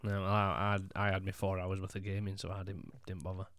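A man's voice: sits low, little pitch movement, a little fast, a bit bright, clean tone, dry recording. Chatty man, dry sound. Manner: rambling storyteller, mimics friends' voices in anecdotes. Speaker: podcast co-host. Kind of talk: casual chat.

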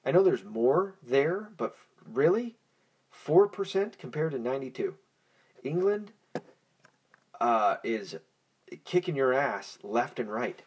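A man's voice: mid-range voice, lively intonation, unhurried, darkish tone, breathy edge, lo-fi sound. A young man hosting a podcast in a casual, profane, rambling monologue, stoned and easily distracted. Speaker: podcast host.

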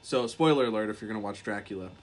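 A man's voice: fairly low pitch, racing. A young man co-hosting a podcast, retelling a film in a rambling, casual way, swearing often and filling with "like". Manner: rambling, swears a lot, heavy use of "like". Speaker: podcast co-host. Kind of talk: casual chat.

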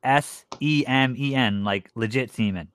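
A man's voice: mid-range voice, a little slow, a bit bright, smooth. A young man co-hosting a casual podcast, teasing his co-host with dry jokes.

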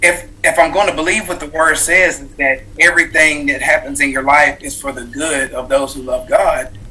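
A man in his thirties recounts a life-changing personal story as an interview guest. His voice sounds bright and forward. He talks earnestly and reflectively, full of fillers and restarts. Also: on the high side, steady tone, normal speed, rough recording. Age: 30s. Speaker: guest, author.

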